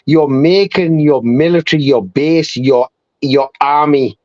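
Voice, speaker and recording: A British man talks through his advice in an earnest, coaching way on a live chat. His voice sits a little high and comes over a dull, lo-fi line that sounds dry and close. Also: a little slow, a little mellow, no room sound. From United Kingdom. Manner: earnest, advising.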